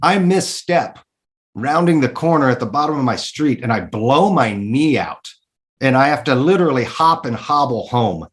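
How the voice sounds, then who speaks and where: A man's voice: medium pitch, expressive, normal speed. A man, a guest in a casual interview, telling his story candidly and emphatically, swearing freely and repeating words when he gets worked up.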